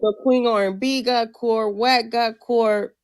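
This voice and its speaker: A woman hosting a live audio chat room, brash, profane and joking, her voice rough and low from just waking up. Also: steady tone, slow, darkish tone, no room sound, clean studio sound. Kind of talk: casual chat.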